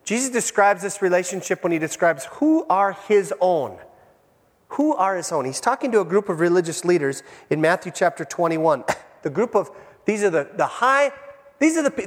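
A man who is a pastor delivers a sermon in a church, telling stories and moving between hushed and raised delivery. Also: sits high, animated, normal speed. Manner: storytelling, dramatic shifts between hushed and raised. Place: church sanctuary. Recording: long church reverb.

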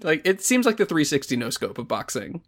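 A man's voice: on the high side, very animated, brisk, fairly bright tone. A man co-hosting a casual podcast, joking and riffing on a show with frequent laughter. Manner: joking, laughs often, riffs with mock quotes. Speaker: podcast co-host. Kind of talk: casual recap chat.

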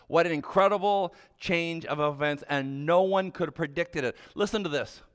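A male pastor preaching a sermon, retelling a story and dropping low and soft for emphasis. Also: normal speed, hardly any pauses, clear, resonant tone, long reverb tail.

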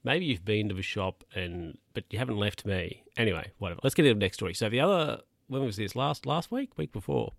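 A man's voice: on the low side, expressive, fairly quick, gravelly, hardly any pauses, no echo, clean studio sound. A man telling stories casually to camera as a vlogger, rambling and chatty. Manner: rambling, chatty, with mock-quoted voices.

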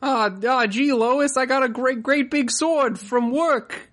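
A goofy middle-aged cartoon dad with a dopey, drawling voice, done as a quick impression by a podcast host. The voice sits well above the host's usual pitch, and the words are slow and stretched. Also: a bit bright. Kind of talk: comic impression.

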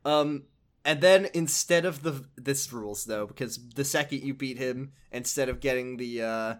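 A man's voice: mid-range voice, moderate pace. A man recapping a video game on a podcast. He rambles and swears, and his talk is full of hesitations and restarts. His voice sits in an ordinary middle register.

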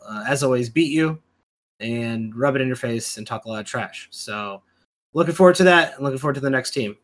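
A man hosting a casual fantasy basketball podcast, laid-back and joking. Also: mid-range voice. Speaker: podcast host.

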